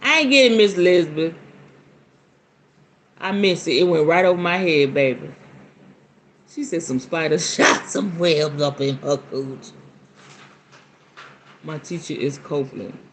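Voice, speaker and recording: A woman's voice: low-pitched, unhurried, pauses often, a little hiss or hum, poor audio. A middle-aged woman hosting a casual live stream about spiritual practice. She jokes bawdily, laughs often and chats with viewers by name. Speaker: spiritual practitioner and show host.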